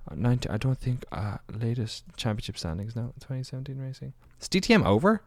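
A man's voice: medium pitch, very animated, fast, hardly any pauses, no echo. A man hosting a solo podcast. He rambles off the cuff, swears casually and keeps correcting himself. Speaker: podcast host.

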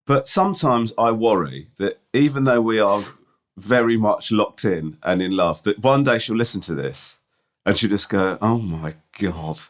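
A man's voice: fairly low pitch, lively intonation, moderate pace. A man co-hosting a casual podcast chat, talking in a chatty, teasing way and often adding "do you know what I mean". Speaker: podcast co-host.

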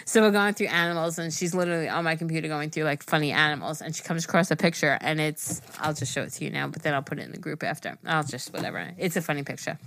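Rambling middle-aged woman, lowish voice. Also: fast, hardly any pauses, a bit bright, no room sound. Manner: rambling, loses her thread, laughs along. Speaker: podcast co-host. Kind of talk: casual chat.

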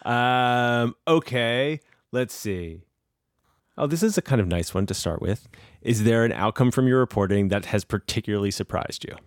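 A man's voice: mid-range voice, animated, moderate pace, smooth, no echo, studio quality. A male podcast host asking questions in casual, blunt, joking chat.

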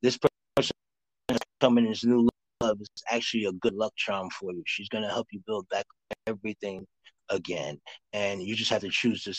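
A man's voice: lowish voice, fairly even intonation, normal speed, slightly rough, dry recording, rough recording. A man from Harlem with a New York accent, giving loose, slangy tarot readings to callers on a live show. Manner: loose street talk, playful vocal riffs. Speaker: tarot card reader.

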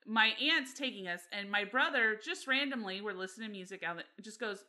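A woman co-hosting a podcast, blunt and animated, telling stories and acting out quotes in a high voice. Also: a little fast, few pauses. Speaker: podcast co-host. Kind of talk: casual chat, storytelling.

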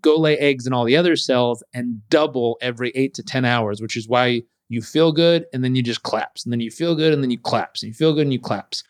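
A man's voice: mid-range voice, brisk, few pauses, close to an everyday voice. A man quoting a blunt male doctor who explains a grim diagnosis. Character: matter-of-fact male doctor.

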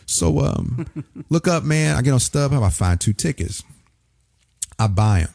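A man from Springfield, Illinois, telling a lively story in casual talk and acting out the voices of the people in it. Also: mid-range voice, unhurried, gravelly, no echo, clean studio sound. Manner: animated storyteller, acts out quoted voices. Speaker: podcast guest.

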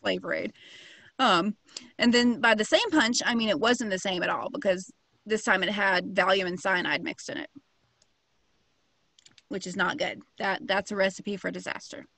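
A woman's voice: medium pitch, moderate pace, vocal fry, pauses often, pushed and bright, no room sound. Brief: a woman, casual storyteller, slangy and sweary, dry close sound. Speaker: podcast co-host telling a true crime story. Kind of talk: casual chat.

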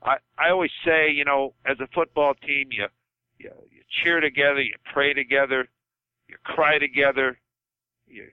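A man's voice: mid-range voice, steady tone, moderate pace, smooth, no echo. An older man, a football coach, talking passionately on a podcast, often repeating himself and asking "okay?". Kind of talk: podcast phone-in chat. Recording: tinny phone line.

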